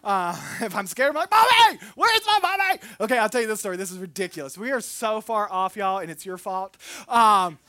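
A woman preaches a sermon in an animated storytelling manner and often jumps into acted quotes. Her voice is bright and forward. It is recorded close in a dry room. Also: medium pitch, dry recording.

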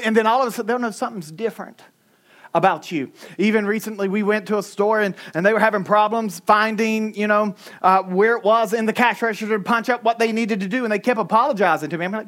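A man's voice: high voice, fast, fairly bright tone. A middle-aged man, a pastor preaching a sermon into a microphone, emphatic and repetitive with joking asides.

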